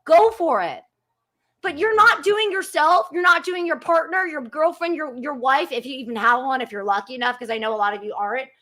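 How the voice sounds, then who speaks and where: A woman's voice: high voice, a little fast, pushed and bright. A woman in her thirties, a guest on a live call-in show, talking in a heated, profane rant. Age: 30s. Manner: fired up, ranting with profanity. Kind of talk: heated live-stream chat.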